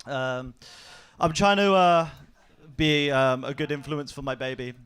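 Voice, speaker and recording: A young man doing an animated stand-up set on a comedy club stage, jumping into voices for his bits. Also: fairly high pitch, smooth. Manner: animated, acts out voices in quick bursts.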